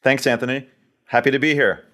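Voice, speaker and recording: A man's voice: medium pitch, steady tone, fairly quick, fairly bright tone. A man who is an attorney, appearing as a podcast guest and talking in an upbeat, casual way.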